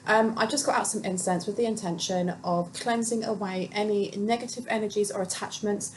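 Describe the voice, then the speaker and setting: A woman in her thirties gives a casual tarot reading to camera. Her voice sits at a middle pitch and she rambles easily, often saying um and restarting as she passes on channeled messages. Faint room ambience from a home with the windows open runs behind her. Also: fairly even intonation, brisk, slight background noise, poor audio. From Britain. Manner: chatty and rambling, reports channeled messages, many ums and restarts. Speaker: tarot reader.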